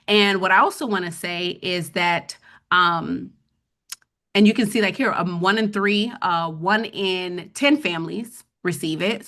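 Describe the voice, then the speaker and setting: A woman's voice: mid-range voice, a bit bright. Woman host for a live money webinar, casual, keeps asking "okay?" to check in with viewers. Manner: conversational, checks in with the audience with frequent "okay?". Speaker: webinar host teaching personal finance.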